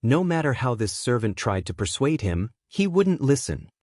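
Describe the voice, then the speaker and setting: A man's voice: medium pitch, sing-song, normal speed, darkish tone, dry recording, clean studio sound. A man voicing a frightened young eunuch servant who speaks in a timid, trembling way. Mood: fearful.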